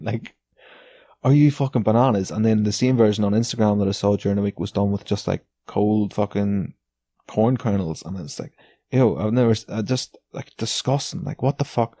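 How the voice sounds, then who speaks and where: A man's voice: fairly low pitch, warm tone, no echo. A man hosting a podcast, ranting in a casual, sardonic way, swearing a lot and laughing between lines. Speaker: podcast host. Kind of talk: casual solo rant.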